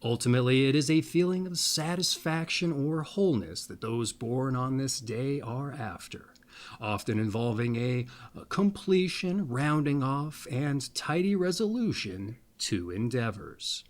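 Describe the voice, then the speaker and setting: A man's voice: mid-range voice, lively intonation. Chatty man rambling playfully. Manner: slow, deliberate reading of a text. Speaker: astrology video host. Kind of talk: casual monologue and reading aloud.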